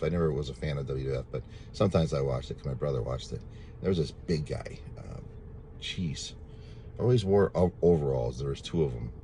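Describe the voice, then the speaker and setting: Low-voiced man telling a rambling testimony. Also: dark tone, a little hiss or hum. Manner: rambling, repetitive storytelling addressed to viewers; religious, thankful. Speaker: storyteller sharing a testimony. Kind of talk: casual spoken testimony.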